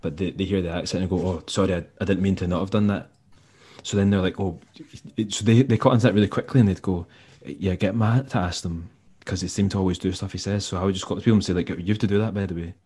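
A Scottish man, a musician and tour manager, telling stories in a relaxed, rambling way and acting out the people he quotes. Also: sits low, rapid-fire, slightly rough. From Scotland. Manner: rambling, laid-back, acts out quoted dialogue. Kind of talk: casual storytelling interview.

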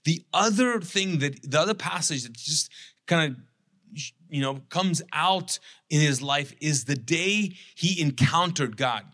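Bright-voiced man preaching a lively sermon. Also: a little high. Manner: conversational, animated storytelling with sarcastic acted quotes. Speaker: pastor.

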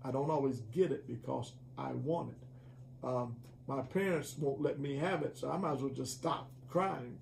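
A man's voice: mid-range voice, moderate pace, creaky, a little mellow, slight background noise. A man teaching a church Bible study in a conversational preaching manner, often repeating and restarting phrases.

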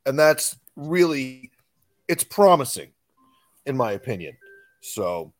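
A man's voice: mid-range voice, sing-song, slow pace. A married man co-hosting a podcast, talking in an emphatic, sarcastic way in casual chat. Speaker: podcast co-host.

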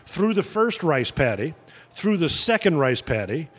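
A man telling a long anecdote as a podcast guest, halting with fillers and chuckling at his own punchlines. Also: a little high, big pitch swings, breathy edge. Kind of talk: casual anecdotal storytelling.

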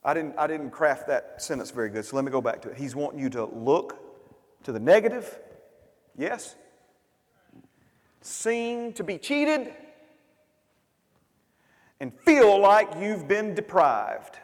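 A fervent male pastor with a high voice delivers a sermon in a large hall. His emphatic bursts swell and then drop into hushed, rapid asides. A long reverb trails every phrase. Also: very animated.

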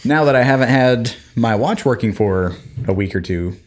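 A man chatting casually on a podcast, animated and acting out little scenes as he talks. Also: medium pitch, normal speed. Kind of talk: casual chat. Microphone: desk microphone.

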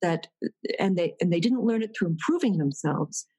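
A woman's voice: lowish voice, lively intonation, moderate pace, dark tone, slightly rough, poor audio. A woman teaching about meditation in a reflective conversation, thoughtful and searching, often restarting her sentences.

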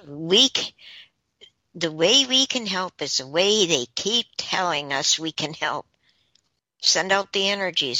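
A woman's voice: deep voice, bright, forceful tone, no echo. A woman on a talk podcast, relaying messages she says she is receiving, in a casual chatty way. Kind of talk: casual channeling chat.

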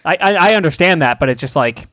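Joking male co-host, somewhat high voice, many fillers, dry sound. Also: lively intonation, fast, a bit bright, no echo. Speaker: podcast co-host. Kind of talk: casual chat.

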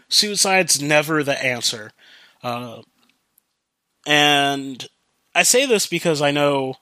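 A young man rambles through a casual podcast monologue while drunk, swearing often and leaning on fillers. His voice sits fairly high and sounds bright and forceful. The recording is dry and close. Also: no echo. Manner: rambling, profane, filler-heavy. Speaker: podcast host. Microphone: new home podcast mic.

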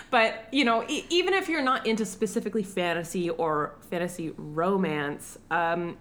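A woman's voice: on the low side, animated, moderate pace, a bit bright. A young adult woman co-hosting a casual podcast, giggly and goofy, swearing freely. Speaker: podcast co-host.

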